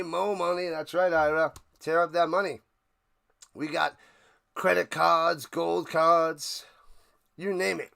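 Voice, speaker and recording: A man with a slightly higher voice hosts a live football watch-party stream. He calls the plays in a casual, excitable way and breaks into joking asides between snaps. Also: vocal fry, clear, resonant tone. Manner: chatty, jokey, excitable asides. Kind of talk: casual livestream play-by-play.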